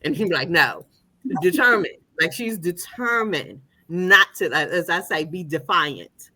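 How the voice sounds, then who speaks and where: A woman in casual podcast chat, telling animated family stories and acting out her relatives. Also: lowish voice, moderate pace, no room sound. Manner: animated storyteller who acts out family members. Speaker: podcast co-host.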